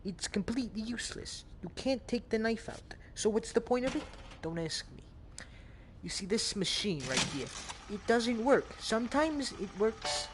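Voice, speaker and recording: A man's voice: high voice, lively intonation, normal speed, noisy background. A young man giving joking, rambling gameplay commentary, swearing now and then. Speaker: gamer.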